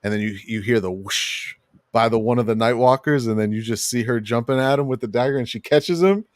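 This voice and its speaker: A man's voice: medium pitch, a little fast, dry recording, studio quality. A middle-aged man co-hosting a podcast in casual chat, enthusiastic and rambling, laughing often. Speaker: podcast co-host.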